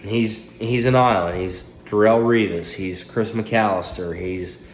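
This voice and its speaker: A man's voice: fairly low pitch, unhurried, a little hiss or hum. Casual fantasy football recap, cussing dude in his late twenties, phone mic, roomy echo. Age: late 20s. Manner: profane, loose, trash-talking. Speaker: fantasy football league commentator. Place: indoors, phone propped on paper towels.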